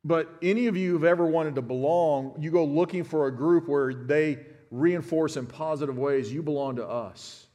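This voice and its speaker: A man's voice: on the high side, moderate pace, few pauses, warm tone, in a large hall. A man in his fifties giving a sermon as a pastor, teaching in a conversational way and speaking straight to his congregation. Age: 50s. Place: church sanctuary.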